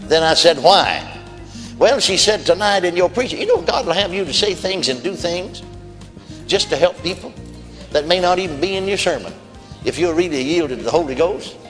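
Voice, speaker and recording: A man's voice: high-pitched, animated, normal speed, big-room sound, soft background music. A man preaching a sermon, telling folksy stories with quoted voices and chuckles. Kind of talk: sermon storytelling.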